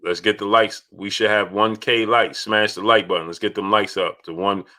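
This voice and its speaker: A man's voice: lowish voice, steady tone, moderate pace, pushed and bright. A man hosting a casual livestream, greeting chat donors and repeating himself as he talks. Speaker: livestream host.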